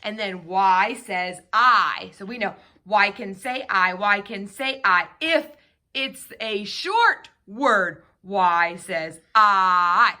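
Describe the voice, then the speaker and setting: Lively, bright-voiced woman teaching phonics. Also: medium pitch. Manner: sing-song, spelling letters and sounding out slowly. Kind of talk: children's phonics lesson.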